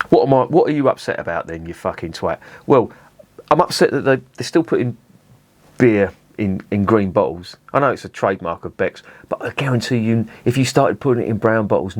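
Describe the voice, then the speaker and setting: A man rants through a beer review, swearing freely and tripping over his restarts. His voice sits low, and the close recording is dry with no room sound. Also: dry recording. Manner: sweary, exasperated ranting with restarts. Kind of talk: ranting review vlog.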